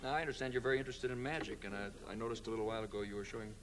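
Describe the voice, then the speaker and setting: A man's voice: medium pitch, very fast, a bit bright. A man hosting a talk show, easygoing and prompting his guest. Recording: distant mic, noisy 1960s TV audio.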